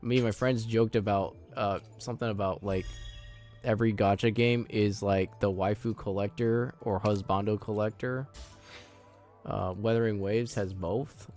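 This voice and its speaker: A man's voice: lowish voice, steady tone, a little slow, darkish tone, faint music behind. A man live-streaming a game, chatting casually and rambling, laughing often and sounding flustered.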